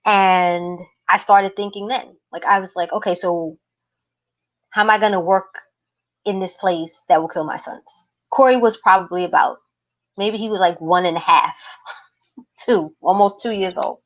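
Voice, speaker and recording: A woman, a guest in a casual conversation, telling her story in an animated way and acting out what she once said. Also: mid-range voice, unhurried, lo-fi sound. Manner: animated storyteller who acts out her own past remarks. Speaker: interview guest, activist.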